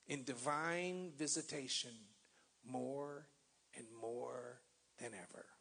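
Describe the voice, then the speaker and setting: Slow, gravelly-voiced male preacher. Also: mid-range voice. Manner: dramatic pauses, swells loud then drops to a hush. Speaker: pastor. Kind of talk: sermon with scripture reading.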